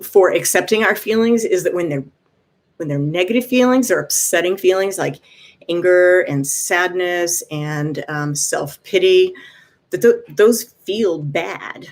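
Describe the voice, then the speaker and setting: A woman speaking gently to a viewer, offering warm encouragement in a casual vlog. She pauses often to find her words and laughs softly now and then. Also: fairly low pitch. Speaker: vlogger. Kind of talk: casual heartfelt advice talk.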